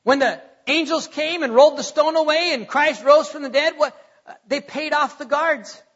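High, bright-voiced pastor preaching. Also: male voice, normal speed. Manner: earnest, repeats words, asks the congregation questions. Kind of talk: sermon. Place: church sanctuary. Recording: dull, muffled recording with long hall echo.

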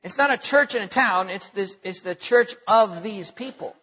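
A man's voice: high voice, normal speed, sharp tone, husky. A man preaching a sermon as pastor, emphatic, repeating his points, with many fillers. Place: church sanctuary. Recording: lo-fi with long hall reverb.

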